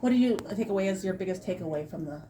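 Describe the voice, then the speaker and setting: A middle-aged woman chatting on a casual podcast, telling a story and quoting people in lively voices. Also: medium pitch, very fast. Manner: animated storytelling, quotes others in lively voices. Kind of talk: casual school podcast chat.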